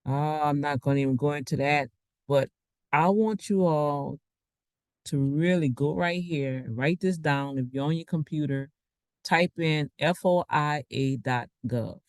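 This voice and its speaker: A man's voice: on the high side, measured pace, smooth, no echo. A man giving a casual, rambling online talk as a financial coach, preaching with asides while sharing his screen.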